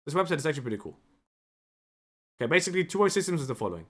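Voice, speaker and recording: Animated man coaching over a replay. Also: fairly high pitch, very fast. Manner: emotional, animated, keeps asking "right?". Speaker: esports coach. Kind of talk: live-streamed match review.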